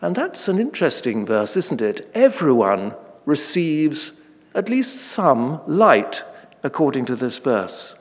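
A man's voice: fairly high pitch, sing-song, breathy edge. Earnest preacher man, church reverb. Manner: earnest, slows down to stress key phrases; reads scripture aloud with rising emphasis. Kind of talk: sermon.

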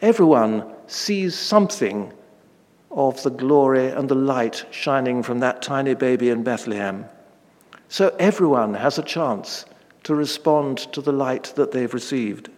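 A man in his late fifties preaching a sermon, earnest and deliberate, slowing down on key phrases and lifting his voice when reading scripture. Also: mid-range voice, expressive, a little mellow, long reverb tail. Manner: reads scripture aloud with rising emphasis.

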